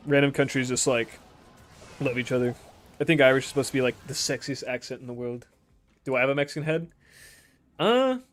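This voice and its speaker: A man's voice: mid-range voice, a little fast, long pauses. A young American man streaming a game, chatting casually and reading viewer messages aloud, rambling, laughing often and swearing freely.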